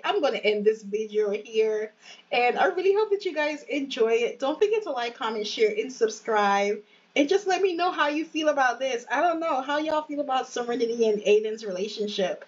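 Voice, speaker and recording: A woman's voice: fairly high pitch, lively intonation, normal speed, husky, dull audio. A young woman host narrating her gameplay in a chatty, slangy way with amused asides to viewers. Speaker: gaming channel host.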